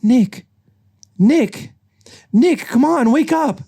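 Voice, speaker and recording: A man voicing an earnest, anxious female bunny cop while reading a comic aloud, in a squeaky, pleading voice. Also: sing-song, very slow, mellow, full character voice. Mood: urgent pleading.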